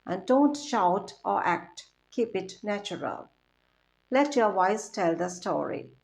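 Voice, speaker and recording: A woman reciting a poem and coaching students, with a clear, calm, measured delivery. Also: mid-range voice. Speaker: recitation teacher.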